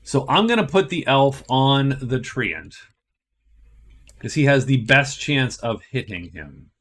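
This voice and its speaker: A man's voice: medium pitch, animated, slow, fairly bright tone. A man narrating a solo board game playthrough, thinking aloud and explaining each move step by step.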